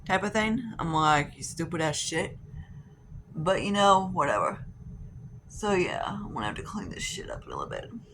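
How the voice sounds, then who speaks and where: A woman's voice: mid-range voice, huge pitch swings, normal speed, fairly bright tone, a little hiss or hum. A young woman chatting casually while doing her makeup, rambling and swearing with lots of fillers. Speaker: beauty vlogger. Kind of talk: casual get-ready-with-me storytelling.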